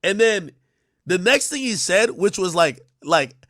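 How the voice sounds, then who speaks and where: A young man telling a story in an animated rant, slangy and swearing. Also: high voice, a little slow, no room sound, clean studio sound. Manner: slangy, swearing, jumps between whispers and shouts. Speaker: streamer in a played clip.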